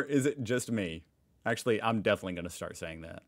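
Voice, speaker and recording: Chatty American man, fairly low voice. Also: expressive, fast. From United States. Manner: chatty, amused, reads posts aloud. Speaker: host reacting to online posts. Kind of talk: casual reaction commentary. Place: home room in Indiana.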